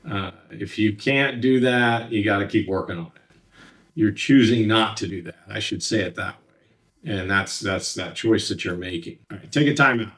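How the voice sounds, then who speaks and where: A man's voice: lowish voice, moderate pace, a bit bright, recorded from a distance. A man working as a counselor, teaching from slides in a plain conversational way, with frequent fillers and restarts. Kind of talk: slide-based lecture.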